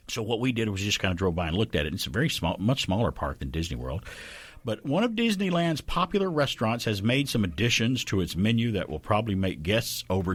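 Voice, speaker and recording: A man hosting a casual radio talk show, chatty and quick to laugh. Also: fairly low pitch. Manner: animated, chatty, laughs often.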